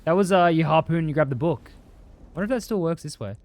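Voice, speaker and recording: A man's voice: on the high side, animated, fairly quick, a little mellow. A young Australian man chatting casually and rambling while he streams a game, swearing freely and answering chat. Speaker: livestreamer.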